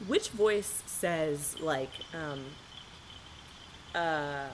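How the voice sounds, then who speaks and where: Rambly giggly woman chatting on her game stream, kinda low voice, bit of hiss behind. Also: expressive, moderate pace, fairly bright tone. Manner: chatty, rambling, laughs easily. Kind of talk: casual live-stream gaming chat.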